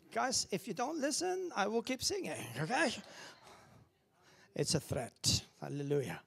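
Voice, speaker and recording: A man preaching as pastor, animated, swinging from loud calls down to hushed whispers. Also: sits high, unhurried, gravelly, slightly rough. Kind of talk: lively sermon.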